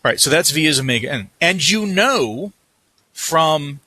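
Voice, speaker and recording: A man's voice: a little high, lively intonation, unhurried, sharp tone, no echo. A man giving a recorded physics lecture, working through a problem at the board, thinking aloud and correcting himself as he writes. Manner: thinking aloud, self-correcting while writing.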